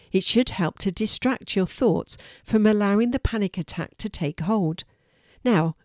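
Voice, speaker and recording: A woman voicing a kind young girl who guides calmly and patiently. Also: mid-range voice, dry recording, studio quality, natural voice. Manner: calm and instructive.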